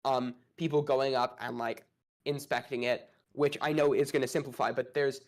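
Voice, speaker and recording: A man's voice: medium pitch, fairly even intonation, normal speed. A man arguing one side of a casual space debate, hedging and thinking aloud with many fillers.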